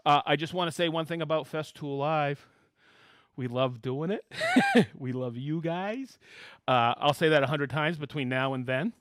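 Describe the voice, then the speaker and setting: A man hosts a live tool demonstration stream in a high, bright voice that swings up and down with excitement. He laughs often and calls out to the people in the room as he reads viewer shout-outs, and the recording is dry with almost no room echo. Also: a little slow.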